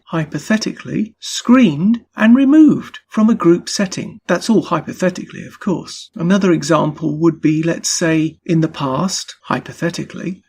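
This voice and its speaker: A man's voice: high-pitched, creaky, a little mellow, breathy edge. A male radio host giving an opinion commentary in a sarcastic, insinuating way, repeating his points for effect.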